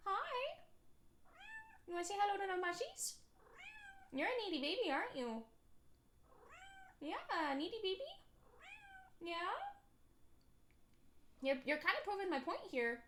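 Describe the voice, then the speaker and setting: A woman's voice: a little high, fairly bright tone. A woman streamer chatting casually on a live stream, bubbly and giggly, cooing baby talk at her cats.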